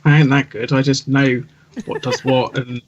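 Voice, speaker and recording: A man's voice: mid-range voice, flat delivery, normal speed, highs cut off. A man co-hosting a casual podcast chat, laid-back, modest and teasing. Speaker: podcast co-host.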